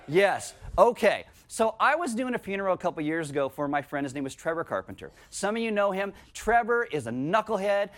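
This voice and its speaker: A middle-aged male pastor delivering a sermon, his voice sitting a little higher than most men's. He moves from reading scripture aloud to loose, joking asides aimed at his congregation. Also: fairly bright tone.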